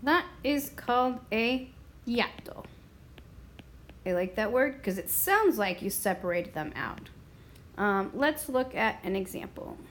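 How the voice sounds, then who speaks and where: A woman explaining a Spanish grammar lesson in a slow, deliberate way, stopping now and then to clear her throat. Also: a little high, lively intonation, slight background noise. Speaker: Spanish teacher.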